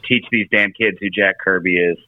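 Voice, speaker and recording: A man in a casual podcast chat, joking around and quick to laugh. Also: sits low, fairly even intonation, dry recording, phone-quality sound.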